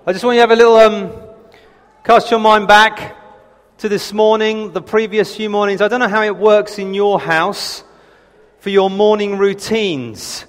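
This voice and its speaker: A man's voice: high voice, fairly even intonation, moderate pace. Man preaching chattily in a reverberant hall. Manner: chatty, anecdotal, self-deprecating. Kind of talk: sermon. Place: church hall.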